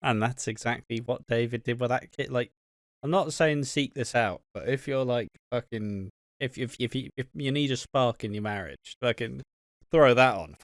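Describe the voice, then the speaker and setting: In clean, dry studio sound, a man co-hosting a podcast rambles through a soap episode recap with laughter and swearing, all crude and casual. His mid-range voice moves at a moderate pace.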